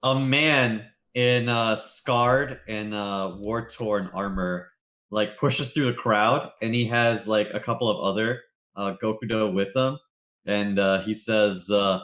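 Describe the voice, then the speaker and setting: A young man narrating a tabletop game as game master, loosely, with lots of fillers and quick character voices. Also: lowish voice, fairly bright tone, echoey room.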